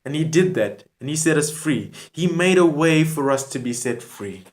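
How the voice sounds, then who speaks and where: A man's voice: fairly high pitch, animated, moderate pace. A man delivering an earnest spoken word sermon to a video audience, pleading and repeating his points. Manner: earnest, repetitive, pleading address to the viewer.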